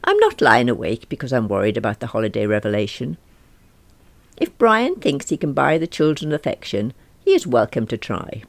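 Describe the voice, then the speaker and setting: A woman's voice: extremely low pitch, big pitch swings, moderate pace, no echo. A middle-aged woman narrating a comic diary novel in a wry, self-mocking manner. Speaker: audiobook narrator.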